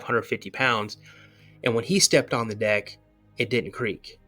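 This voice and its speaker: A man of ordinary pitch tells a personal encounter story as a podcast guest. He rambles, circling back with "you know" and restarting sentences as he goes. Faint music sits underneath his voice. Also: fairly bright tone.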